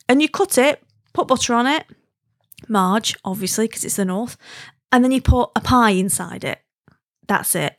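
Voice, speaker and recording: This is a dry, studio-quality recording of a mid-range female voice. The speaker, an adult married woman with a Wigan accent from Wigan in northern England, spins a casual story in an emphatic, chatty manner and keeps asking "right?".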